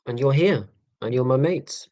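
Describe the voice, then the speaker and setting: A man in his forties from Hampshire in southern England talks casually with his live-stream viewers in a mid-range, slightly mellow voice, with lively intonation at a moderate pace. His delivery rambles, full of sarcasm, self-deprecation, ums and restarts. The recording has no echo but is low quality.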